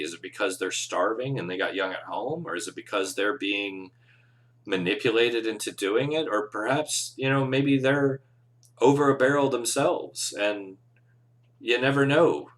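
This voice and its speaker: A man who runs tabletop games, giving casual, earnest advice on a live show with encouraging, rambling talk. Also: medium pitch. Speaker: game master, podcast host.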